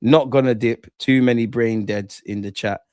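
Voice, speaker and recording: Guy live streaming a footy match, excitable, swears a lot, talks to chat, dry close mic. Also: mid-range voice, moderate pace, smooth, no echo. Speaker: football watchalong host.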